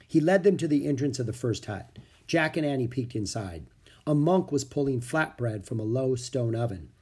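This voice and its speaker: Male narrator, children's book, husky, animated delivery. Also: mid-range voice, normal speed.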